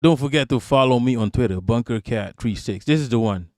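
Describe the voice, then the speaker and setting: A man's voice: medium pitch, brisk, no room sound, studio quality. A man from Southeast Asia giving a heated, profane, mocking political rant on a live stream. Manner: profane, mocking, animated ranting with laughs.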